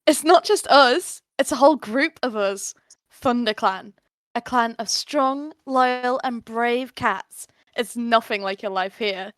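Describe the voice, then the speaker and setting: A woman voicing a loud, proud young she-cat apprentice. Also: high voice, big pitch swings, racing, vocal fry, few pauses, heavily acted. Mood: excited. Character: eager bold young female apprentice cat. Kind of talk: voiced fan-made cat movie.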